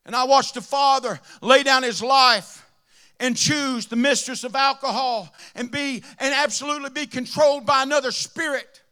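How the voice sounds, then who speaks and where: A man preaching a sermon with speech, swinging between impassioned shouting and quiet, intimate asides. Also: extremely high pitch, moderate pace, smooth. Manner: impassioned, shouting at peaks, then dropping to a murmur.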